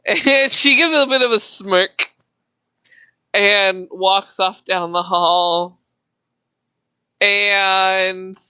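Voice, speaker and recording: A woman narrates a tabletop game as dungeon master, slow and halting, filling pauses with ums. Her voice is bright and smooth. It sounds dull and dry, recorded close on a home mic. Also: medium pitch, no room sound. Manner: unhurried, halting narration with fillers.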